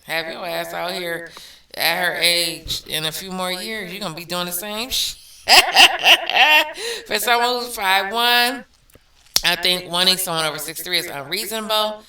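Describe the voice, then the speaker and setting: Bright, blunt woman vlogger with slangy emphatic delivery, recorded off-mic in a roomy space. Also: medium pitch, recorded from a distance. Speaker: vlogger reacting to viewer comments. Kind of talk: casual commentary. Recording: echoey room, off-mic.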